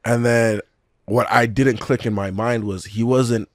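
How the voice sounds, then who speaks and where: A man's voice: medium pitch, measured pace, no room sound, studio quality. A young man, a professional footballer, telling stories in a casual interview with lots of slang and laughter. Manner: animated, laughing, slang-heavy storyteller.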